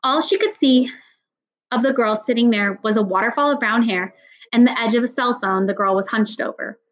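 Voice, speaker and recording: A woman reading a children's novel aloud in steady storytelling narration. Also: a little high, normal speed, rough recording. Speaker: audiobook reader.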